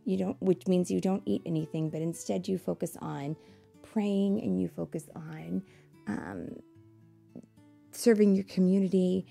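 A woman reading a picture book aloud to children, pausing to ask them questions and explain things. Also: on the low side, steady tone, gravelly, faint music behind. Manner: asks listeners questions, warm explanatory asides.

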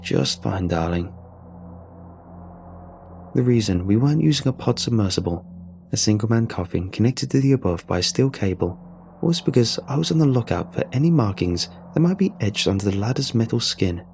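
A man's voice: lowish voice, expressive, brisk, darkish tone, a little hiss or hum. A man reading a first-person adventure story aloud in a wry, sardonic manner. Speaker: narrator. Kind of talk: scripted story narration.

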